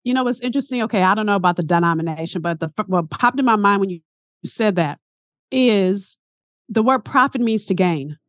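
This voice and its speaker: A woman guest, a coach and teacher, talking in a casual interview as an animated, emphatic storyteller. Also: mid-range voice, brisk, dry recording, clean studio sound.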